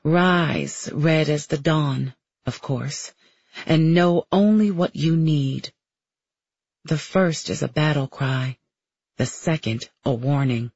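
A man giving a steady, measured first-person audiobook narration. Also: a little high, slightly rough, no room sound, highs cut off.

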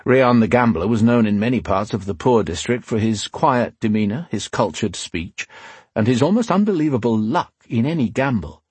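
A man narrating a fantasy novel as an audiobook in a steady, even storytelling manner. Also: mid-range voice, moderate pace, slightly rough, no room sound.

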